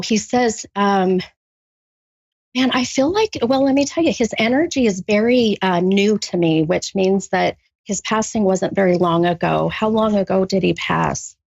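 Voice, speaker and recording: A woman doing a psychic reading for a caller, halting with many ums, then bursting into gushing excitement. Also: medium pitch, gravelly, dry recording, muffled recording. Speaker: psychic medium. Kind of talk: live spirit reading with a caller.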